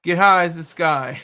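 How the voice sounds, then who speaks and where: A man's voice: high voice, sharp tone. A young man from Delaware chatting casually on a livestream, joking, laughing often and rambling. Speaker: livestream host. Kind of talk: casual live chat.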